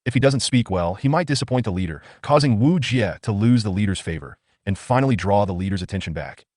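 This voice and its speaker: A jealous young female pilot captain, voiced by a male narrator, smooth and persuasive, her words coming out fast. The voice sits fairly low and the sound is dry and close, in the style of a manga recap. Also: expressive, a little mellow, dry recording. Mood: scheming.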